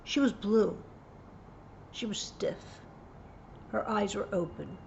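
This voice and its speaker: A woman hosting a parenting tips show, earnestly retelling a personal story, dropping to a hushed voice at grave moments. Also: takes it slowly, vocal fry, muffled recording, slight background noise. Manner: earnest, vivid retelling with hushed low passages. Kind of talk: personal story told to camera.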